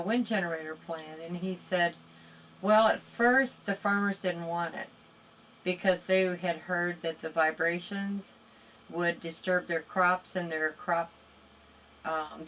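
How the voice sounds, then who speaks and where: Low-voiced woman, thoughtful and hesitant. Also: a bit bright, a little hiss or hum, rough recording. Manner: thoughtful, hesitant, searching for words. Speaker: interview guest. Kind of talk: casual conversational interview.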